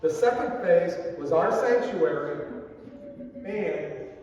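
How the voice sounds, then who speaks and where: A man's voice: a little high, animated, slow pace, darkish tone. A man preaching a sermon as pastor, earnest, with small slips and asides, recorded from a distance in a church sanctuary. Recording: distant, echoey sanctuary, dull sound.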